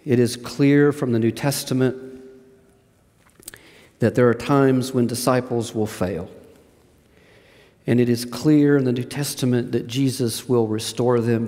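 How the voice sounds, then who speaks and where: A man's voice: medium pitch, fairly even intonation, unhurried, pauses often, mellow. A middle-aged man preaching a sermon as a seminary president, in a conversational, folksy storytelling manner with asides to the audience. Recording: long hall reverb.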